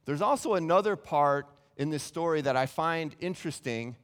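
Male preacher, earnest teaching tone with frequent restarts, slightly high voice, reverberant room. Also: animated, normal speed, a bit bright, clean tone. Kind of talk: Bible teaching sermon.

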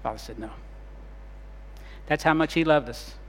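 A man preaching a sermon in a church, his voice sitting a little high and carrying a long reverb around it. He moves from loud, urgent passages to soft, hushed ones as he retells scenes. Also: quick pace, a little hiss or hum. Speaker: pastor.

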